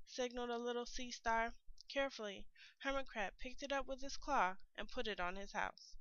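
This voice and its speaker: Woman reading a kids book out loud, bright crisp voice, sounds kinda lo-fi. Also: fairly high pitch, normal speed, dry recording. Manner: clear, expressive storytelling. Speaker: teacher reading to children. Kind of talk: reading a picture book aloud. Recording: dull lo-fi recording.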